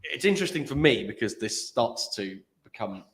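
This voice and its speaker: A man chatting casually in a meeting room, with a lively voice that swoops up and down. He rambles playfully, often stopping and restarting his sentences. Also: mid-range voice, normal speed. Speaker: guest, tech industry worker. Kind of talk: casual chat.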